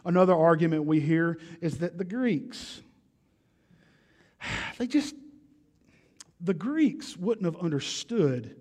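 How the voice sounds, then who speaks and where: A man preaching a sermon as a pastor, emphatic and loud, firing off rhetorical questions to his congregation. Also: fairly high pitch, animated, slow pace, long pauses. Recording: long reverb of a large hall.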